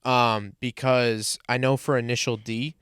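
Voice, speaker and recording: A man co-hosts a podcast, talking in a relaxed, explanatory way and filling gaps with "um" and "like". His voice is smooth and resonant, with a mid-range pitch. The sound is dry and close, with no room around it. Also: measured pace, dry recording. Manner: explains at length, with many fillers like "um" and "like". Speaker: podcast co-host. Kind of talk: casual chat.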